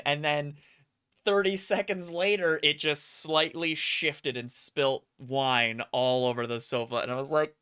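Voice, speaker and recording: Speaking at a moderate pace in a mid-range, slightly bright and clean voice, an adult streamer rambles through stories for viewers. They act out quotes and make self-mocking jokes in a casual, chatty way.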